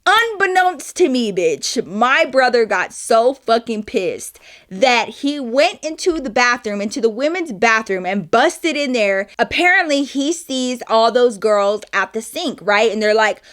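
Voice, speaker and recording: A young woman telling a story to her viewers in a casual, animated way, swearing freely and calling them y'all. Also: on the high side, a little slow.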